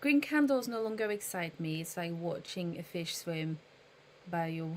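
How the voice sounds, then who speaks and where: A woman's voice: fairly low pitch, measured pace, a little mellow, slight background noise. A woman live streaming in casual chat, thinking aloud and patiently explaining trading to her viewers.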